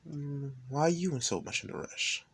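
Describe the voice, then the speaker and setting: A man voicing a laid-back young man in a fan-made story who offers to protect a stranger, speaking quietly and casually. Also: a little high, lively intonation, normal speed, slight background noise. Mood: calm, friendly.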